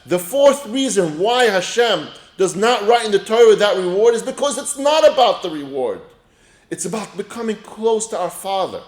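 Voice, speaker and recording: A man's voice: high voice, roomy sound. A man teaching an informal Torah class, explaining ideas with many restarts and a storytelling manner. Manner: storytelling, drops soft when telling a story, many restarts.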